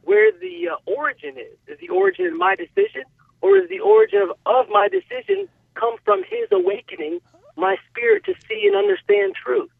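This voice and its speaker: A man's voice: very high voice, brisk, creaky, no echo. A man calling in to a radio show, explaining his view earnestly over a tinny phone line. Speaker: caller. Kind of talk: radio call-in talk.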